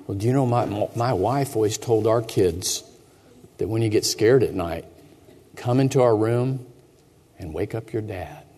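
Man, pastor, slow dramatic storytelling, echoey church hall. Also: on the low side, a little hiss or hum. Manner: theatrical, drops to hushed tones and asks the children questions. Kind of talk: dramatic first-person storytelling for children. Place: church sanctuary.

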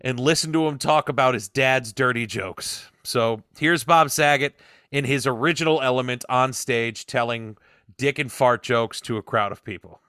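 Male host, casual filler-heavy chat, smooth voice, dry close sound. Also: mid-range voice, moderate pace, sharp tone, dry recording. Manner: loose, filler-heavy, offhand. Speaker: podcast host.

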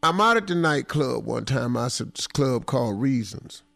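A man's voice: mid-range voice, lively intonation, normal speed, vocal fry, a bit bright, no room sound. A middle-aged man, hosting a radio talk show and telling a story with a playful, laughing manner. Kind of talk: storytelling banter.

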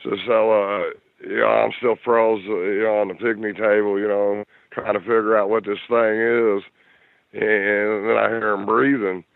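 A middle-aged man from Kentucky with a Kentucky accent, telling a story in a halting way full of fillers and restarts. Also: lowish voice, flat delivery, vocal fry, no echo. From Louisville, Kentucky. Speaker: guest telling encounter story. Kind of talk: casual storytelling. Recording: tinny phone line.

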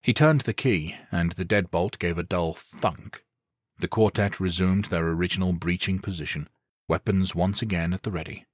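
Deep voiced guy reading an audiobook, steady and measured, dry close mic. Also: no room sound. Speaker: audiobook narrator. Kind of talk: scripted narration.

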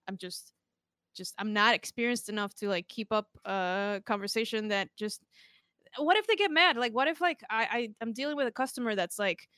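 A woman's voice: a little high, moderate pace, bright, forceful tone, clean tone, no echo. A young woman streamer in casual chat, giggling often and rambling with lots of fillers.

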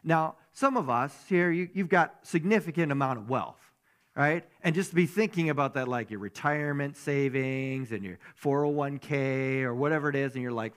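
A man's voice: medium pitch, animated, normal speed. A man giving a conversational sermon as a pastor, who keeps asking his listeners rhetorical questions.

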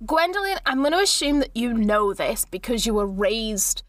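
A woman narrating a tabletop game as game master, chatty and lively. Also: on the high side, normal speed, dry recording, clean studio sound, far from the mic. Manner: lively, laughing often, chatty.

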